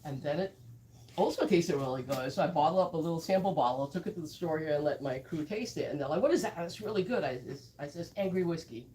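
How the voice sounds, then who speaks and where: A woman's voice: sits low, fast talker, dark tone, far from the mic, a little hiss or hum, low-quality recording. A woman who blends whiskey, chatting through a live tasting and telling stories with quoted asides.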